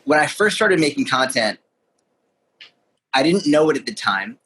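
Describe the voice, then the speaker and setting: Young guy fitness coach on a podcast, kinda husky, chatty and candid. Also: medium pitch, normal speed, poor audio. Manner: candid, animated storytelling with asides. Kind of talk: casual interview answers.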